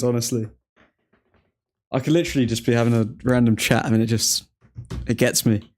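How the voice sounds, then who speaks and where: A man's voice: medium pitch, flat delivery, unhurried, darkish tone. Chatty man hosting a stream. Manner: chatty, rambling, laughs often, reads chat aloud. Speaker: streamer host. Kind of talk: casual live watchalong commentary.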